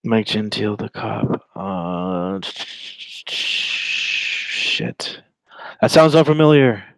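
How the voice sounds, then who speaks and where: A man's voice: lowish voice, lively intonation, very slow, vocal fry, fairly bright tone, dry recording, rough recording. A man in his twenties giving casual, rambling reaction commentary while reading a chat log, with sarcastic asides.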